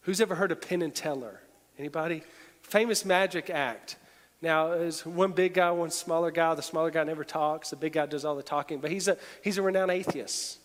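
A man preaching a sermon, earnest and building to forceful emphasis. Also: on the high side, brisk. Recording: long hall reverb.

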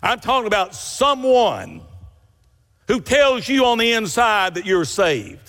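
A man's voice: high-pitched, sing-song, a little slow, fairly bright tone, big-room sound. A man preaching a sermon, telling folksy stories with rising emphatic bursts.

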